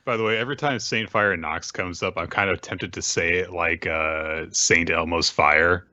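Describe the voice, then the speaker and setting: A man co-hosting a podcast in casual chat, joking with a deadpan delivery. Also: low-pitched, moderate pace, lo-fi sound. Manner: joking, deadpan mock voices. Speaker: podcast co-host.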